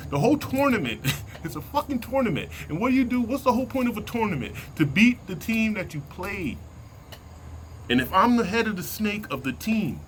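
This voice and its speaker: A man vlogging a heated sports opinion rant from inside a vehicle, slangy and worked up, repeating himself and sinking into low mutters. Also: a bit bright, slight background noise.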